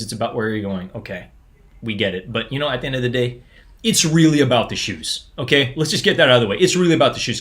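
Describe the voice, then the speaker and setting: A man hosting a live sneaker unboxing stream, talking in a casual, excitable way and often stumbling and restarting his sentences. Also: medium pitch. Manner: excitable, chatty, frequent restarts and stammers. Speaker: sneaker livestream host.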